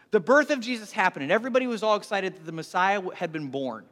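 A man's voice: sits high, expressive, quick pace, a bit bright, big-room sound. A male pastor preaching a sermon, telling stories animatedly, acting out voices and dropping to a whisper for emphasis.

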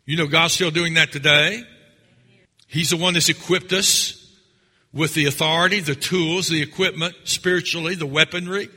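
A man preaching a fervent sermon as pastor, building from calm teaching to loud, emphatic exhortation. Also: on the high side, moderate pace. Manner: fervent preaching, rising to shouts. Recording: long hall reverb.

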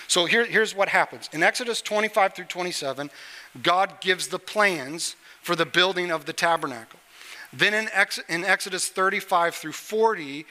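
A man's voice: sits high, bright, forceful tone, in a large hall. A middle-aged man preaching a sermon from a church stage, talking conversationally and joking with the congregation. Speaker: pastor.

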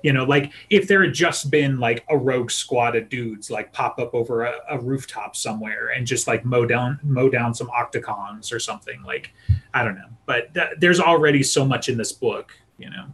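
A man chats loosely on a book podcast, stringing his thoughts together with "like" and "you know". His voice sits at an ordinary pitch. He thinks out loud as he talks. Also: moderate pace. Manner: rambling, lots of "like" and "you know". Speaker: podcast co-host. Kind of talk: casual chat.

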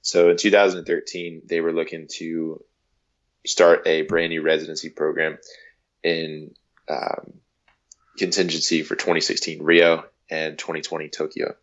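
Man, 30s, from the US, very deep voice, casual interview guest, animated storytelling, muffled recording. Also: measured pace. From United States. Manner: lively storyteller, acts out quotes, casual slang. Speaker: guest, handball athlete.

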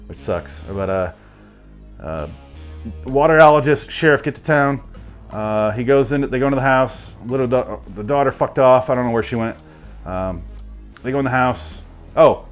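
A man casually recapping a movie in a rambling, profane, sardonic way. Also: medium pitch. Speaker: movie reviewer.

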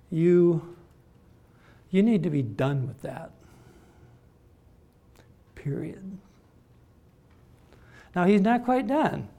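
A man preaching a sermon, emphatic and deliberate, repeating words as he builds his points. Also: sits high, mellow.

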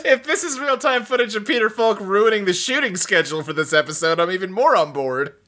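A man's voice: high-pitched, expressive, brisk, pushed and bright. A man co-hosting a casual podcast chat, laughing often and slipping into mock British accents. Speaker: podcast co-host.

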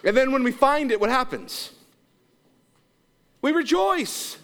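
A man in his thirties preaching a sermon in a church, telling a family story with lively acted-out quotes and laughter. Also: slow, gravelly. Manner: animated storytelling, acts out quotes with big pitch jumps, laughs along. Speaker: pastor. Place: church sanctuary.

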